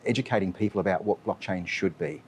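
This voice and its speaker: Brief: man with a very low voice, quick, hesitant, lots of ums, faint noise underneath. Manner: hesitant, heavy with fillers. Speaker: chief strategy officer. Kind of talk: interview answers.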